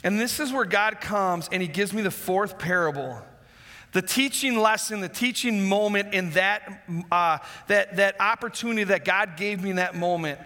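A man's voice: sits high, normal speed. A man preaching a sermon as a pastor, telling a personal story with lots of restarts and asides. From Wisconsin, USA. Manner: animated, rambling with many restarts. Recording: long hall reverb.

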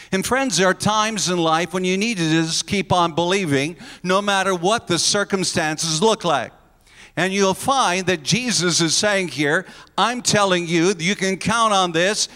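A man's voice: high-pitched, fairly bright tone, in a large hall. A pastor preaching a sermon to his congregation, earnest and emphatic, leaning on repeated phrases.

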